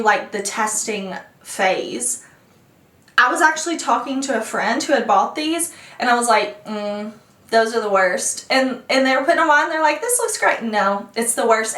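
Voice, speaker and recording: Animated woman reviewing makeup, echoey room. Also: sits high, far from the mic. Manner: animated, acts out her own reactions in a dramatic voice. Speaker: beauty vlogger.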